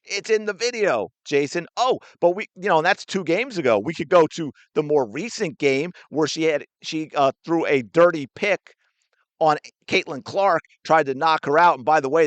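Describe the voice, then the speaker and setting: Guy on a sports podcast going off, combative and sarcastic, kinda high voice, dry close sound. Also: moderate pace, no room sound. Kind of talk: reaction commentary rant.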